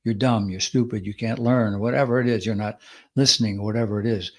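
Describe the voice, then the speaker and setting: A man's voice: on the low side, fast. A man co-hosting a talk show, explaining and acting out examples of what people say. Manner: explanatory, lively acted quotes. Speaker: podcast co-host. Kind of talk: conversational advice talk.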